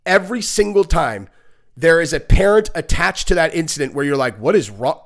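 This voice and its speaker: A man with a fairly high voice hosts a casual live reaction stream. He rambles bluntly, swears freely and leans on fillers. When he acts out kids or dogs, he jumps into high, shrieking squeals. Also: lively intonation, fairly quick. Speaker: podcast host.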